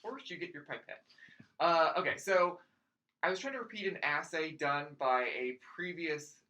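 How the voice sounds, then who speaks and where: Man, podcast co-host, casual chat, bright tense voice, slightly high, animated restarts. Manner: animated, talks in quick bursts with many restarts.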